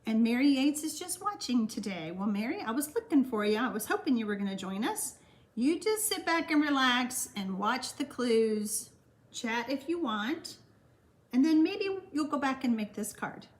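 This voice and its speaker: A woman's voice: fairly high pitch, big pitch swings, moderate pace. An older woman with a Texan accent, hosting a live card-making class, chatting with viewers and reading their comments aloud. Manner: chatty, reads viewer comments aloud and answers them warmly. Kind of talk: live-stream craft class with chat.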